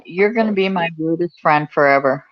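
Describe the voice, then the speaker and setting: A woman's voice: fairly low pitch, fairly quick. A woman chatting casually and teasing her friend, laughing often. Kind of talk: casual chat. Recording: dull lo-fi stream audio.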